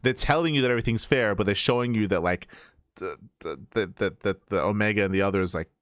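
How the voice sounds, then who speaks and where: A man's voice: fairly low pitch, fast talker, fairly bright tone, no room sound, studio quality. A man co-hosting a show review podcast, talking in a rambling casual way with many restarts. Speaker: podcast co-host.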